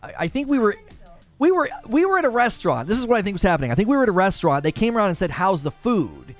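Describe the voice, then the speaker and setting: A man hosting a casual live stream, animated and jokey, often yelling. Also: high voice, very fast, soft background music.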